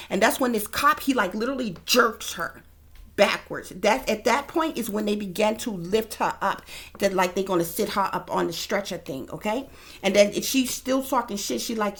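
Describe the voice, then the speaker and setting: A woman's voice: on the high side, moderate pace, vocal fry, a bit bright. A woman psychic reader giving casual, blunt, profane commentary straight to her viewers.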